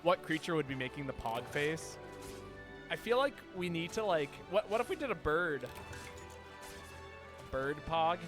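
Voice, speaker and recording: A man's voice: fairly high pitch, animated, normal speed, over music. Playful, stammering male game streamer. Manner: playful, stammering word repeats. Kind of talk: casual live-stream chat while gaming.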